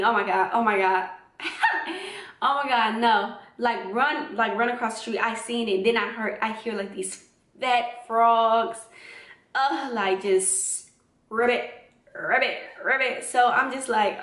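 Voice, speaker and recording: A young woman in her twenties telling a dramatic story in a casual, animated way. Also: medium pitch, roomy sound. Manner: animated, dramatic retelling with screams and laughs. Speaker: vlogger.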